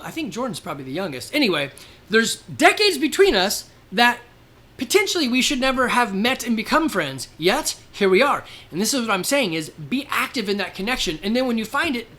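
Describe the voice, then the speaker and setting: A middle-aged man hosting a podcast, telling stories in a casual, animated way and laughing often. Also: high voice. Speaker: podcast host. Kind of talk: casual presentation.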